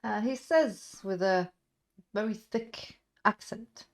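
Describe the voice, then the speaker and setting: Give me a woman with a gravelly voice running a tabletop game. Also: mid-range voice, slow. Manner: casual, laughing, with hesitations. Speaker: game master.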